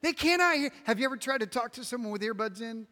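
Male pastor, high-pitched, preaches with repetitive emphasis and sharp loud-soft swings, long hall echo. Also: lively intonation, quick pace. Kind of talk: sermon. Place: large room with an audience.

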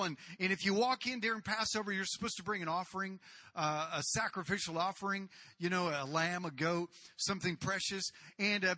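A man preaching a sermon, telling the story in a casual, conversational way, speaking to the congregation directly and breaking into loud acted outbursts. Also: high voice, no echo. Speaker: pastor.

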